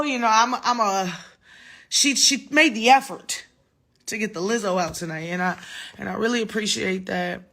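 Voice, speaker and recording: A woman's voice: medium pitch, a bit bright. A woman in her thirties, a little drunk, rambling casually and profanely to fans in a late-night phone livestream.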